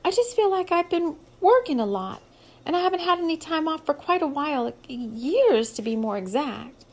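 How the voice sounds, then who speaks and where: A woman's voice: high-pitched, expressive, quick pace, darkish tone, pitched above the performer's own voice. A woman voicing a nervous young Latina heroine. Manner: hesitant, stammering.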